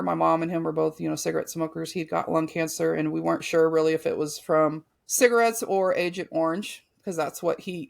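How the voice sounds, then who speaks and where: A woman's voice: low voice, gravelly. A young woman guest on a podcast, telling a personal story in a loose, rambling way full of "like" and "you know".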